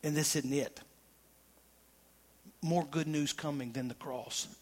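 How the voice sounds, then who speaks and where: A male pastor preaching a sermon, swinging from loud emphatic declarations to hushed, intimate tones. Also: on the high side, fairly even intonation, slow pace.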